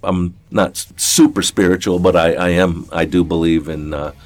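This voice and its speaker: An older man with a deep, low-pitched voice tells a story at an easy, rambling pace. He speaks casually and folksily, with plenty of "uh"s and restarts. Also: steady tone, normal speed. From southern Ohio. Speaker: interview guest.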